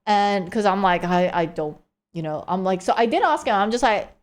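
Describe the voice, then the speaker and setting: Woman, live streamer, casual rambling storytelling, middle pitch. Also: expressive, normal speed. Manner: rambling, heavy use of "like" and "right?".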